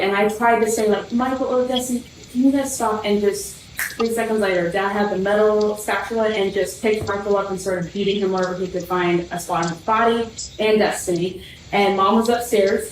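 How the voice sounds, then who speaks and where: A young woman telling a personal family story, rambling with many fillers and restarts. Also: mid-range voice. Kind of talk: personal testimony. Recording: roomy, distant from the mic, faint noise.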